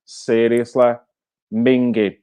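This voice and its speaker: A man's voice: mid-range voice, little pitch movement, slow pace, dark tone, smooth. A man hosting his own channel, talking in a blunt, fired-up way with swearing and rhetorical questions. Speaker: channel host. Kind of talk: casual live-stream commentary.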